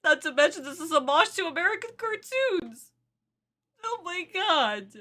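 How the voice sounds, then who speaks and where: Woman, reaction host, casual commentary, exasperated, bright voice, swooping pitch. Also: sing-song, moderate pace. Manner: exasperated, rants and laughs at the show.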